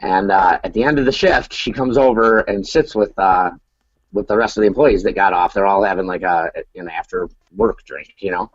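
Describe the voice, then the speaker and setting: A man's voice: low voice, moderate pace, no room sound, highs cut off. A man co-hosting a podcast, telling a crude story in casual chat and laughing at his own punchlines. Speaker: podcast co-host.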